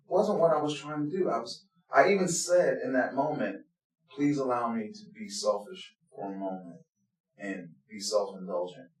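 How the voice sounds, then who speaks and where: Earnest man telling stories in a roomy space. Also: medium pitch. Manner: earnest, heartfelt, swings between hushed and loud. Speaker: blues band leader, interview guest. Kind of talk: personal storytelling in an interview. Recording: roomy, distant from the mic.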